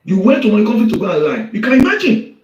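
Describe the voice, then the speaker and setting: Guy ranting on a live stream, kinda high voice, sounds far off and muffled in an echoey room. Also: huge pitch swings, fast, a little hiss or hum. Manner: aggrieved, mixes English and Yoruba.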